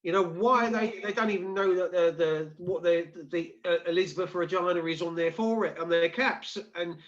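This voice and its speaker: A man's voice: sits high, moderate pace. A man in casual chat, talking earnestly and at length with many restarts. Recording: dull, muffled sound.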